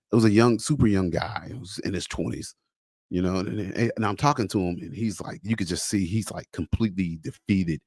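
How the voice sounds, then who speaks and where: A man hosting a podcast in a casual, animated monologue, slangy and acting out bits of dialogue. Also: mid-range voice, no echo, clean studio sound. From United States. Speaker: podcast host.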